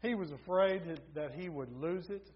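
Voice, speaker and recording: High-voiced husky preacher. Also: male voice, measured pace. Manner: storytelling, building emphasis. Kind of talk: sermon. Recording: dull lo-fi recording.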